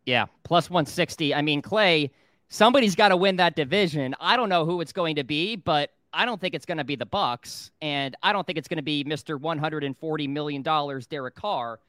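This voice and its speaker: A man hosting a sports betting talk show, briskly reading out odds and steering the discussion. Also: a little high, fairly bright tone, dry recording. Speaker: host.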